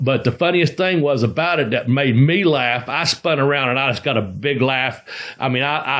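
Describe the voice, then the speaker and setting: A man's voice: medium pitch, fairly bright tone. A man co-hosting a podcast, a former wrestler telling rambling, profane stories and laughing as he goes. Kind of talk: casual storytelling chat.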